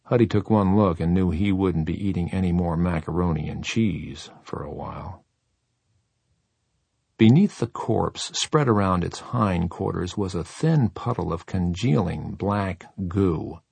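A man narrating a horror audiobook in a measured, deliberate way. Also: deep voice, creaky, a little mellow, husky, dry recording.

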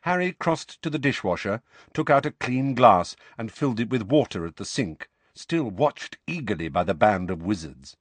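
Casting: male audiobook narrator, low husky voice, lively delivery. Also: normal speed, no room sound. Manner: expressive storytelling. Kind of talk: scripted narration.

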